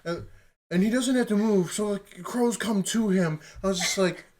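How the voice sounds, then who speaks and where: A man co-hosting a podcast in casual chat, an animated storyteller who acts out quotes and laughs often. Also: high-pitched, moderate pace. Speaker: podcast co-host.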